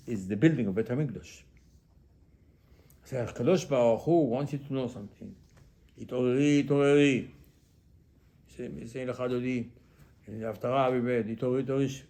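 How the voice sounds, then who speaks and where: A man giving a sermon as a rabbi, asking rhetorical questions and repeating them, with Hebrew religious terms mixed into his English, moving between hushed asides and emphatic lines. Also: mid-range voice. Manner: loudness swings from hushed to emphatic.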